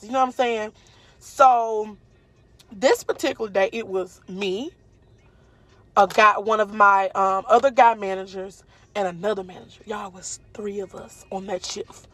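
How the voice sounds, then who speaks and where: A woman, telling a personal story casually to her viewers in an animated way. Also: no echo. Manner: animated, acts out quotes with jumps in pitch, speaks fast and slow by turns.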